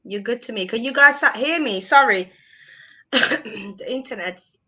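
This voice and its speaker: A woman co-hosting a casual reality TV review chat over a video call, talking emphatically and reacting quickly. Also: fairly high pitch, pushed and bright, breathy edge. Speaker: co-host. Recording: dull lo-fi video call audio.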